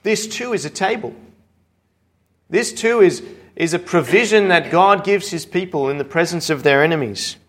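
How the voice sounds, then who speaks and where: A male pastor delivering a sermon with a slightly high, earnest voice. He tells stories with conviction and lifts his tone when he voices the quoted words. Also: fairly bright tone.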